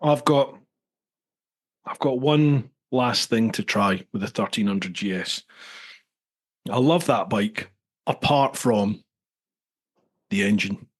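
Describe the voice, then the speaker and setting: A man's voice: fairly low pitch, slow, pauses often. A man from England hosting a podcast, chatting in a rambling, casual way and swearing now and then. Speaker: podcast host. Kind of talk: casual chat.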